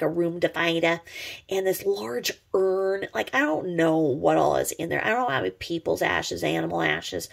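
A middle-aged woman vlogger tears into someone online with sarcastic, profane gossip commentary. Her voice is deeply gravelly with a husky, rough edge.

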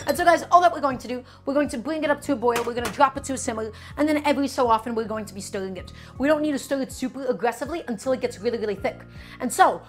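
Chatty New woman cooking on stream. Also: on the high side. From Brooklyn, New York. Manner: chatty, talks to chat as "guys" while cooking. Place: home kitchen.

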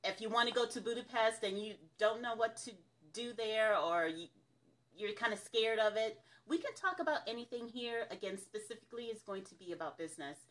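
A woman's voice: on the high side, a little fast, a bit bright. A woman from the American South hosting a casual business coaching livestream, chatty and upbeat, laughing often as she talks to viewers.

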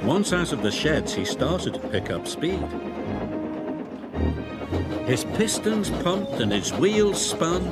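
A male storyteller reading a children's railway story at an unhurried pace, his pitch moving in a lively way. Loud music plays under his voice throughout. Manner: slow, expressive reading. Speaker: narrator. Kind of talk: storybook narration.

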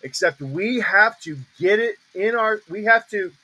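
Brief: male preacher teaching on a group call, slightly high voice, drawn-out emphatic declarations. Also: pushed and bright, slightly rough, rough recording. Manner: emphatic, repeats declarations slowly with stress. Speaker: ministry teacher.

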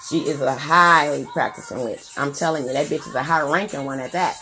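A woman's voice: low-pitched, a little fast, bright, forceful tone, soft background music. A woman vlogger chatting casually on a live stream, crude and rambling, joking and singing along.

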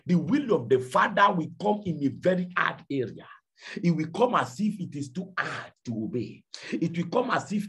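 Husky-voiced preacher with animated delivery. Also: male voice, on the high side, moderate pace. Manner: dramatic storytelling preacher, swings from hushed to shouting. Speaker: pastor. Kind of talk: sermon.

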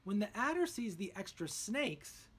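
A man's voice: sits high, very animated, a little slow, a bit bright, breathy edge, voice pushed up, heavily acted. A man voicing a confident young man who leads a cartoon mystery gang, eagerly laying out plans.

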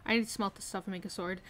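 A woman's voice: mid-range voice, brisk. A woman streaming a video game live, chatting casually, talking to herself and reading chat, often giggling. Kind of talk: casual live gameplay commentary. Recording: faint noise with mouse clicks and typing.

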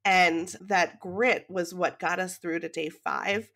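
Animated woman telling a personal story. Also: lowish voice, slow pace. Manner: animated, emotional, laughs often. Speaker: podcast guest. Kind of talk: conversational storytelling.

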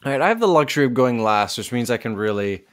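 Animated man joking through his reasoning. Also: medium pitch, fast talker. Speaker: podcast co-host and quiz player. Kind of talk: casual podcast banter.

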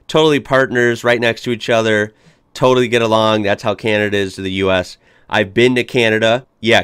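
A man's voice: lowish voice, fairly bright tone, clean tone, dry recording, clean studio sound. A young American man hosting a reaction video, chatting casually and upbeat with frequent fillers and restarts. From United States.

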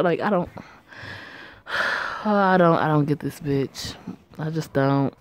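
A woman's voice: sits low, takes it slowly, pauses often, no room sound. A woman reading a story game aloud with casual commentary, blunt and profane, talking back at the characters. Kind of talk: casual play-through commentary.

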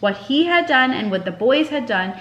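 A woman narrating a children's chapter book aloud with expressive storytelling. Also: high voice, moderate pace, lo-fi sound. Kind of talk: audiobook narration. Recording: echoey room.

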